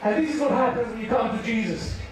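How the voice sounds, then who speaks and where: Man preaching, very high voice, animated storyteller, distant mic in a booming hall. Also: fast talker, over a noisy crowd, very noisy. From United Kingdom. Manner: animated, acts out voices, laughs often. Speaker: youth preacher. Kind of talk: storytelling sermon. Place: large hall at a school rally.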